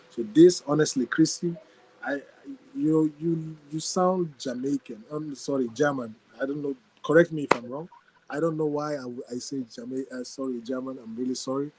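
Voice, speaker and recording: A man's voice: medium pitch, a little mellow, slightly rough, rough recording. A man hosting a podcast in casual chat, effusive and full of thanks, reading out and praising listener ideas. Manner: effusive, thanks people often, quick to laugh. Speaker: podcast host.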